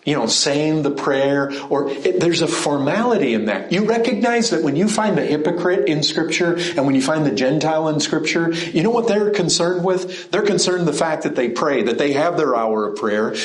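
Animated man preaching in an echoey room. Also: on the high side, normal speed, hardly any pauses. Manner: animated, conversational preaching with rhetorical questions. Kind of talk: sermon.

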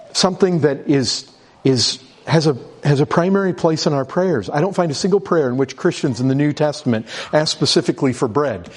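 A man's voice: a little high, a little mellow, slightly rough. Man preaching a conversational sermon. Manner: conversational preaching with many restarts and repeated words; reads scripture aloud and rises in urgency. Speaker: pastor.

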